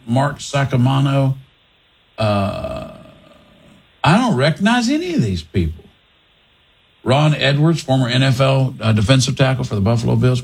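A man's voice: medium pitch, vocal fry, breathy edge. A middle-aged man hosting a casual radio call-in show, joking and restarting his sentences. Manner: jokey, animated, restarts sentences. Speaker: radio talk show host.

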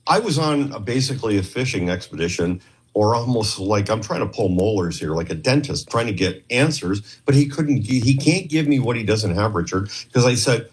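Low-pitched man from Canada, rambling guest who quotes others as he tells a story. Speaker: podcast guest, former investigator. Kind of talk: casual storytelling interview.

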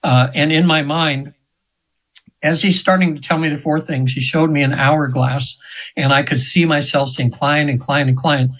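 Man in his seventies, husky, slightly high voice, rambling, earnest radio guest. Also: fairly even intonation, normal speed, fairly bright tone, poor audio. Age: 70s. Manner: rambling, earnest, with frequent fillers and restarts. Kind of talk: spiritual storytelling on a radio interview.

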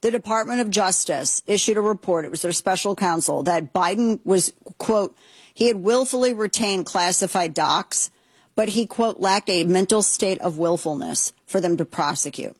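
A woman's voice: mid-range voice, moderate pace, husky, no room sound. A woman hosting a talk show, giving indignant, sarcastic commentary with plenty of emphasis. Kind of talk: opinionated commentary.

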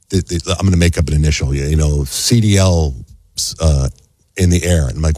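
Speaking briskly, a man spins an animated story in casual conversation, voicing other people's quoted lines in a high, raised tone. The sound is clean studio quality with no room sound.

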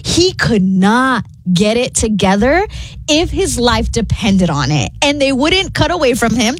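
A female radio co-host telling a funny story in a lively, casual way. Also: a little high, unhurried, low-quality recording. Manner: animated storytelling, laughing along.

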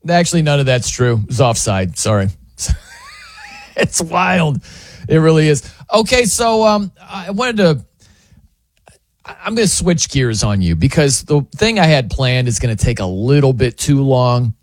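Animated man talking sports on radio. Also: on the high side, measured pace, no echo, studio quality. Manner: animated, jokey storytelling with acted-out quotes. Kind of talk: casual sports talk monologue.

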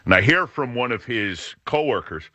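A man's voice: mid-range voice, animated, normal speed, pushed and bright, no room sound. A middle-aged man hosting a radio talk show, rambling casually with frequent restarts.

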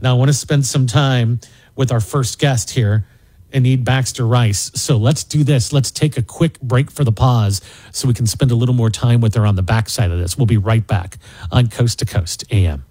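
A man's voice: medium pitch, a little mellow, rough recording. Man hosting late-night radio. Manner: smooth, measured broadcast delivery with listed phrases. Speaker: radio show host.

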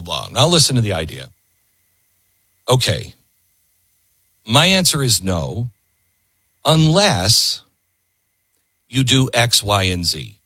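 A man's voice: mid-range voice, sharp tone, slightly rough, no room sound. A middle-aged man hosting a talk show, giving an emphatic political commentary monologue and repeating his points for force.

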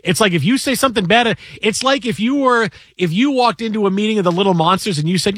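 A man in his fifties, a co-host telling rambling stories in an animated, laughing, casual chat. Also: high voice, fast, hardly any pauses. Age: 50s.

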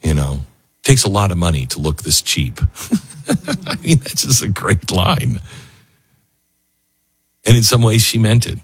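Male talk show host, low and husky, emotional and rambling, dry close sound. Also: very animated, unhurried, pauses often, dry recording. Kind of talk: casual talk radio monologue.

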